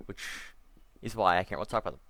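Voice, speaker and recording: A man's voice: low voice, quick pace, fairly bright tone, no room sound. A man doing casual let's-play commentary, rambling and correcting himself, with wry asides. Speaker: gameplay commentator.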